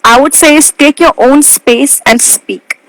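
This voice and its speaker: A woman in her twenties, a pageant titleholder, giving earnest tips over a live video call. She leans on key words and slows down to make a point. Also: high-pitched, a bit bright, rough recording. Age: 20s.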